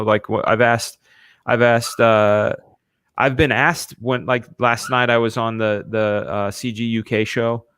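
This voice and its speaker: Co-host: man, smooth clear voice, dry close sound, animated rambling chat. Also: on the low side, no echo. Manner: rambling, animated, full of "you know". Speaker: co-host and storyboard artist. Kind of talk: casual chat on a stream.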